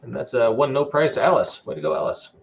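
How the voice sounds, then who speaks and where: A man's voice: medium pitch, big pitch swings, quick pace, gravelly, slight background noise. A man hosting a podcast in casual chat, playful and jokey, reading out viewer comments. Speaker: podcast host.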